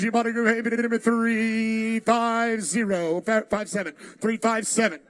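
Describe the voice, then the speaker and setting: Man, auctioneer, very high voice, flat monotone chant, rhythmic number calling. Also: a little fast, few pauses. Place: large auction hall.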